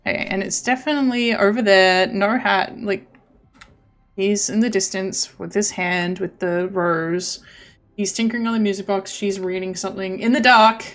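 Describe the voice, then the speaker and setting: A woman's voice: medium pitch, fairly even intonation, normal speed, soft background music. A woman streaming a horror game, muttering to herself, hesitant and swearing freely. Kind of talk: live gaming commentary.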